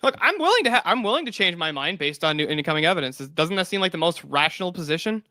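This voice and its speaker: A man's voice: sits high, big pitch swings, quick pace, bright, forceful tone, dry recording, clean studio sound. A man in an online debate, defensive and stammering, answering with questions of his own.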